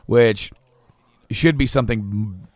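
A man's voice: on the low side, slow pace, a little mellow, no echo. A man co-hosting a casual podcast chat, rambling with restarts, laughing often and swearing casually. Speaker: podcast co-host.

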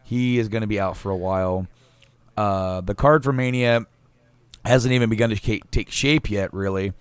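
Smooth-voiced man chatting casually. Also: lowish voice, moderate pace, dry recording. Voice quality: swears casually, laughs often. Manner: rambling, many restarts. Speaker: podcast co-host. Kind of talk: casual chat.

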